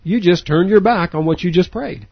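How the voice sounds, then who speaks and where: A man preaching a sermon in an animated way, rising in pitch to stress his points. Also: moderate pace, gravelly, slightly rough, no room sound, dull audio. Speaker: pastor.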